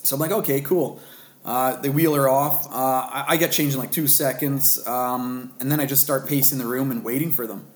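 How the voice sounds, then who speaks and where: A man in his thirties telling a story casually, acting out the dialogue with lively laughs. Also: mid-range voice, normal speed, reverberant. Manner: animated, acts out dialogue, self-deprecating laughs. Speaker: guest telling a birth story.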